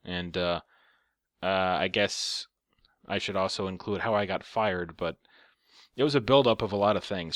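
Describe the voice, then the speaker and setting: A man's voice: fairly low pitch, dry recording, studio quality. Sarcastic, profane man venting. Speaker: vlogger. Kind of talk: casual storytelling rant.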